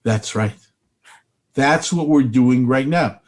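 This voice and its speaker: A man's voice: medium pitch, slow. An older man, a rabbi and spiritual teacher, speaking earnestly in an interview and repeating phrases for emphasis.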